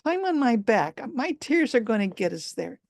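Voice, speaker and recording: Woman doing a sorrowful storybook dragon, solemn, chanting, pitched up, gravelly edge. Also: sing-song, normal speed, a little mellow, no room sound, clean studio sound. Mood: wondering. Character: lonely, sorrowful old male mountain dragon.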